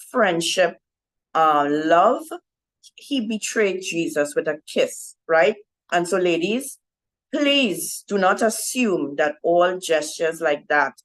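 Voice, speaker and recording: On a rough recording, a woman with a voice on the low side leads an informal Bible lesson for women. As a women's ministry speaker, she keeps tossing in "right?" throughout.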